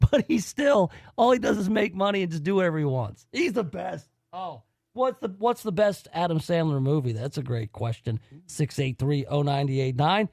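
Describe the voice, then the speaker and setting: Radio host, man, high-pitched, dry studio sound, rambling and eager. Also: vocal fry, no room sound. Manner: enthusiastic, rambling. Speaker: radio talk show host. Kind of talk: casual radio talk.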